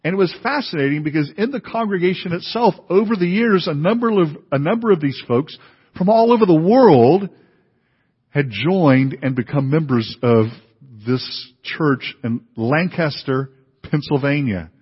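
A pastor giving a sermon in a conversational way, with many fillers and restarts. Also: male voice, a little high, lively intonation, normal speed, breathy edge. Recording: dull, lo-fi recording in a reverberant hall.

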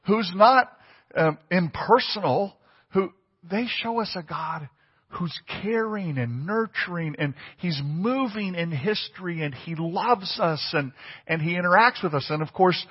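A man's voice: sits high, husky. A man preaching a sermon as pastor, talking conversationally and asking the congregation questions. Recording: long reverb, dull lo-fi sound.

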